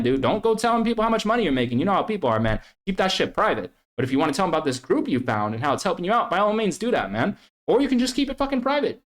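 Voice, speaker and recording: A man's voice: high-pitched, a bit bright. Profane hype-man rant from a man. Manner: profane, hard-selling, swears constantly; hype-man energy, repeats slogans. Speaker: trading group host. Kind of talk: hyped promotional vlog rant.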